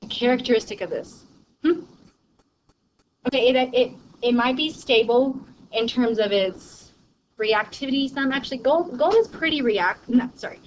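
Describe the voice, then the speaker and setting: A woman's voice: a little high, moderate pace, slight background noise. Chatty woman teacher, lo-fi recording. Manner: chatty, rambling, with fillers and laughs. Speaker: chemistry teacher. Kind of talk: classroom lecture and personal story. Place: classroom. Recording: dull lo-fi classroom recording.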